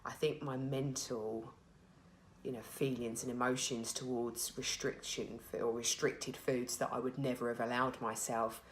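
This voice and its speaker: Very low-voiced British woman, candid diary. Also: little pitch movement, measured pace, a little hiss or hum. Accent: British English. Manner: chatty and candid, rambling with many fillers and restarts. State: a little emotional. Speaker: vlogger sharing her recovery. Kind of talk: candid personal video diary.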